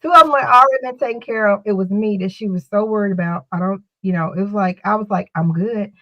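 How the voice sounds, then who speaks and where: With a mid-range voice at a quick pace, a woman co-hosting a talk show rambles through a casual story, repeating words and restarting. The recording has its highs cut off.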